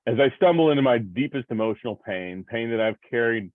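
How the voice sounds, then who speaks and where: A man in his sixties, a professor, reading a personal essay aloud in a measured, reflective way with rhythmic repetitions. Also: mid-range voice, expressive, no room sound. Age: 60s. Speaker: professor presenting a paper. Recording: tinny phone-like line, dry.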